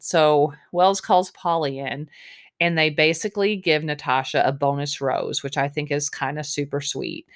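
A woman's voice: sits low, a bit bright. A young woman hosting a podcast, giving a chatty, snarky recap of a reality show. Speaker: podcast host.

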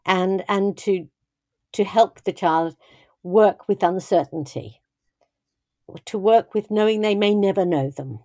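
An older woman speaks in a warm, mellow voice, recorded dry and close. She tells her stories thoughtfully, circling back with restarts and "you know" as she talks about raising children. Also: mid-range voice, slow pace, pauses often, no echo. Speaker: guest speaking on parenting. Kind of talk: reflective conversational storytelling.

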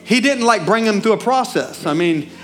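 A man preaching a sermon in a church with a Southern US accent, animated, questioning the congregation and swinging between loud and hushed. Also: high-pitched, normal speed. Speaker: pastor.

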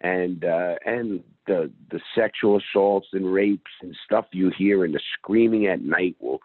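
Middle-aged man, blunt streetwise storyteller, lowish voice, tinny phone-line sound. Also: measured pace, dry recording. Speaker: interview guest. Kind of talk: storytelling in interview. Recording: phone-like call audio.

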